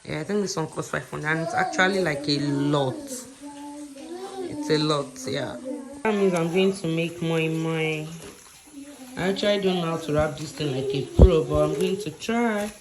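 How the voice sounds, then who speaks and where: A woman's voice: deep voice, normal speed. A woman in her twenties with a Nigerian accent, chatting at home in a rambling, casual vlog style. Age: 20s. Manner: chatty and rambling, full of "like" and "so yeah". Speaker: vlogger.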